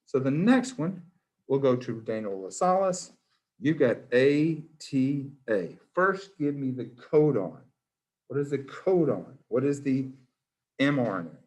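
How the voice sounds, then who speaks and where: A man's voice: mid-range voice, animated, slow pace, darkish tone. A man, a biology teacher in his classroom, quizzing students by name in a playful, encouraging way. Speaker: high school biology teacher.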